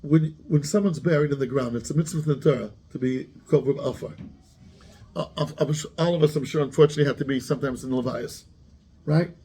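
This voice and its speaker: A man's voice: medium pitch, fairly quick, warm tone, a little hiss or hum. A man, a rabbi giving a Torah class who keeps asking his students questions and mixes Hebrew terms into his English.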